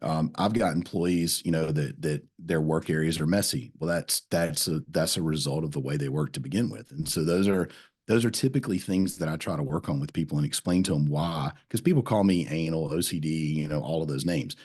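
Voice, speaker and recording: A man's voice: very deep voice, brisk, darkish tone, breathy edge. A man hosting a casual podcast chat, telling folksy sales stories with repeated phrases and a friendly "man" here and there. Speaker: podcast host.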